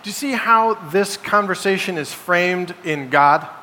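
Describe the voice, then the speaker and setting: Bright-voiced pastor preaching in a reverberant hall. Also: male voice, high-pitched, measured pace. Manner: emphatic, asks the congregation rhetorical questions. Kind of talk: sermon. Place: church sanctuary. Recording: long hall reverb, faint background noise.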